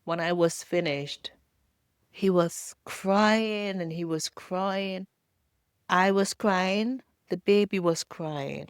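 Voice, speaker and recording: An older woman from Jamaica telling her own painful childhood story as a halting, emotional personal testimony. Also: fairly low pitch, clean tone, no room sound, clean studio sound. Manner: halting, emotional, pausing often.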